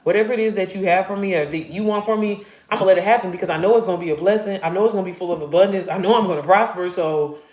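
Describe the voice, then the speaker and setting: A woman in her thirties races through a casual live-stream chat on faith and digital marketing, her voice reverberant. She speaks candidly, curses, laughs, and her pitch leaps up when she's excited.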